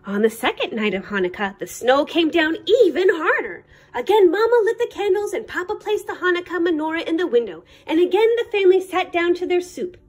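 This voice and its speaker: A woman librarian reading a children's picture book aloud in an expressive, sing-song way. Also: high voice, fairly quick, few pauses. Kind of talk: storybook read-aloud.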